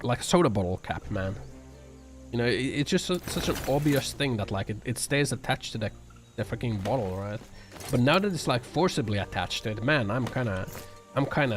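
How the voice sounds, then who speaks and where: A man streaming live and chatting with viewers, sarcastic and profane, rambling with lots of fillers. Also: mid-range voice. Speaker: livestreamer. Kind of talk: casual livestream chat reacting to viewer comments. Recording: music bed under the voice. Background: music playing.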